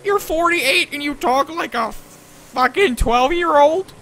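A woman's voice: high-pitched, lively intonation, slow pace, a bit bright, slight background noise. A woman streaming a co-op game, bantering crudely and swearing constantly, tossing in dude and bro. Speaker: gaming streamer. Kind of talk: profane improvised co-op gaming banter.

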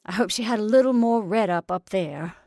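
A woman voicing a stout, blunt farm wife who speaks firmly and more loudly than the narration. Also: medium pitch, fairly quick, creaky, no room sound, clean studio sound, pitched above the performer's own voice, close to an everyday voice. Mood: resentful. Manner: firm, forceful, louder than narration. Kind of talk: reading a short story aloud.

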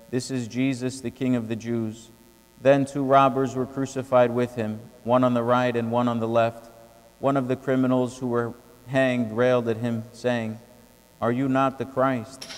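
Male reader, flat and even liturgical delivery, cathedral reverb trailing every phrase. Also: smooth. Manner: steady, even reading with little pitch movement. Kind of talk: liturgical scripture reading. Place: large cathedral.

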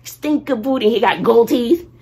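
A middle-aged woman, a teacher talking casually to her viewers. She is playful and swings from loud to hushed while she talks to herself. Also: on the high side, animated, moderate pace, creaky. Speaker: vlogger, teacher. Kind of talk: casual vlog talk to viewers.

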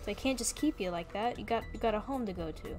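A woman's voice: medium pitch, fast talker, over music. A young woman giving playful, chatty commentary while streaming a video game, often exclaiming and talking to the creatures on screen.

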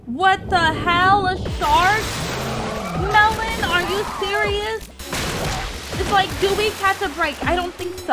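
Over loud music, with faint cartoon audio underneath, a woman with a very high-pitched voice speaks slowly while hosting a casual reaction video. She exclaims, laughs, and talks back to the cartoon on screen.

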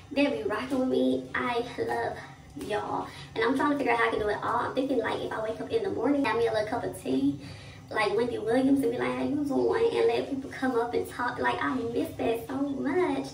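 A woman's voice: fairly high pitch, vocal fry. A young woman in casual vlog talk, chatting straight to her followers. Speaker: vlogger. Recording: echoey room, voice a bit far from mic.

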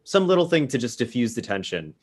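A man co-hosting a podcast, talking in animated, casual bursts full of restarts. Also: mid-range voice, fast, breathy edge. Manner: animated storytelling with many restarts. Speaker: podcast co-host.

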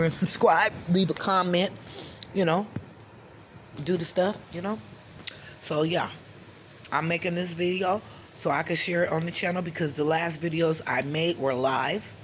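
A middle-aged woman hosts her own vlog, speaking casually to camera in a deep voice with a little hiss or hum. She's blunt and angry, swears a lot, vents openly, and keeps checking in with "okay?"

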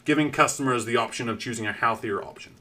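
A man's voice: mid-range voice, quick pace. A man with a New Zealand accent chatting casually on a live stream, telling a story with lots of swearing. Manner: animated storytelling, swears often.

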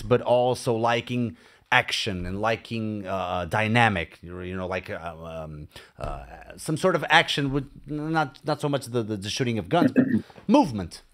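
Chatty podcast host. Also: male voice, mid-range voice, fairly bright tone. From Portugal. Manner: enthusiastic, chatty, frequent fillers. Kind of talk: casual podcast interview.

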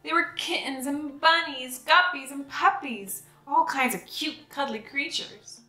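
A woman reading a children's picture book aloud, with expressive, animated delivery. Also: high-pitched, unhurried. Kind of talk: read-aloud storytelling. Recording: echoey room, soft music behind.

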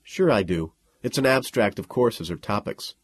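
Man reading as a quiet, wary young man. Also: fairly low pitch, expressive, normal speed, slightly rough.

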